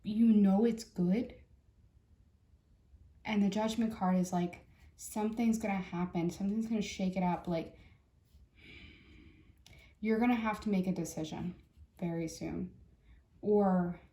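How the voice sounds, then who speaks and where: A woman giving a casual tarot reading in a chatty, halting way, full of fillers and restarts. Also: medium pitch, steady tone, dark tone, roomy sound. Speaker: tarot reader.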